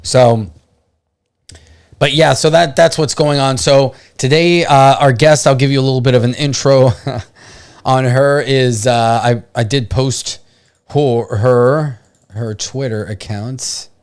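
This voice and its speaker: A man's voice: medium pitch, steady tone, takes it slowly, clear, resonant tone. A man from Puerto Rico hosting a casual livestream show, rambling with frequent laughs and fillers. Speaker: podcast host.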